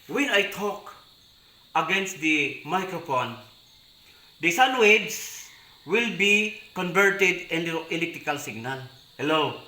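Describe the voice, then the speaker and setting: A man with a high, bright voice walks through an electronics lab demonstration, explaining each step and checking in with "okay?" as he goes. The sound is echoey, as if recorded in a bare room. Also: sing-song, slow pace. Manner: explanatory, repeats mic tests and tag questions like "no?". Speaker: electronics teacher.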